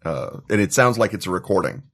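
A man's voice: low voice, very animated, fast, fairly bright tone. A man narrating as game master for a tabletop game, with many fillers. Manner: hesitant, lots of fillers.

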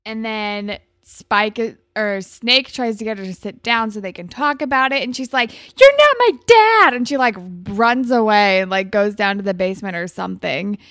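A woman's voice: steady tone, moderate pace, hardly any pauses, fairly bright tone, no room sound. Rambling woman co-host retelling an episode. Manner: rambling, filler-heavy storytelling, acts out quoted lines in high voices. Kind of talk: casual TV episode recap.

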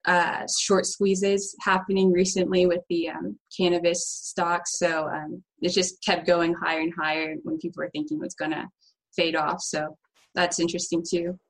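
A woman's voice: on the low side, little pitch movement, moderate pace, low-quality recording. A woman applicant chatting casually in an interview, with many fillers and an upbeat manner. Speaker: trading challenge applicant.

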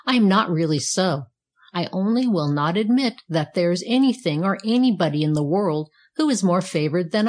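A woman doing talking fire poker, contented, self-satisfied, calm, lower voice, storybook.

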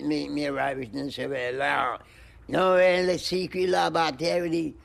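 A man's voice: mid-range voice, moderate pace, vocal fry. An older man, speaking in rhythmic, chanted free-flowing poetry and wordplay. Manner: rhythmic, sing-song chanting with animal noises and laughs. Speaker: interviewee, music pioneer.

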